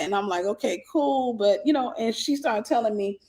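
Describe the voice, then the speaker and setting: A woman's voice: on the high side, fairly quick, hardly any pauses. A woman hosting a casual advice talk for viewers, telling stories and acting out the voices of the people in them. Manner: animated storytelling, acting out quoted voices. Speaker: host.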